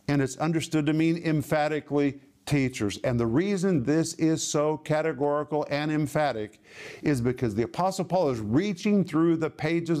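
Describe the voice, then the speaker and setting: A man preaching a teaching sermon, reading scripture slowly and stressing words with emphasis. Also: on the high side, darkish tone. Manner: slow emphatic Bible reading, stretched words.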